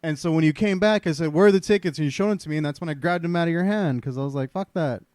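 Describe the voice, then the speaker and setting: A man's voice: fairly high pitch, rapid-fire, darkish tone, no room sound. Laid-back, cussing man on a podcast. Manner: profane, laid-back storytelling. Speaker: podcast co-host. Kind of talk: casual chat.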